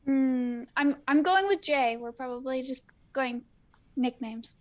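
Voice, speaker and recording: A woman's voice: sits high, measured pace, no room sound, muffled recording. A woman playing a tabletop game, playful and laughing. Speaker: player.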